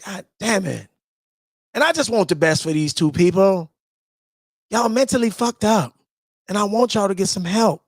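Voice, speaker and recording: A man hosting a live stream, ranting and joking in a loud, profane, laughing way that breaks into shouted bits. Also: high-pitched, no room sound, studio quality. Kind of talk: loud comedic rant.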